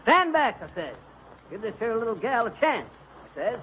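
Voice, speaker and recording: A man's voice: high-pitched, sing-song, moderate pace, low-quality recording. An actor playing a blustering middle-aged man telling a tall tale in a 1940s radio comedy, folksy and boastful. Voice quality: folksy, boastful, malaprop-prone. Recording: hissy old radio transcription.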